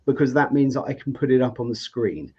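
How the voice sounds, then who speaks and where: A man's voice: mid-range voice, animated, a little fast, darkish tone, husky. Upbeat male show host. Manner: enthusiastic, lots of fillers and restarts. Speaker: host of a live debate show. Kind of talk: live online show hosting. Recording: slightly dull lo-fi audio.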